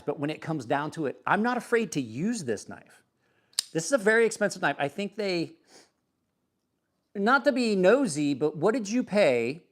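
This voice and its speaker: Rambling, enthusiastic male knife reviewer. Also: medium pitch. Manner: rambling, enthusiastic, self-deprecating, frequent restarts. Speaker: knife review channel host. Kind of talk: casual product talk to camera.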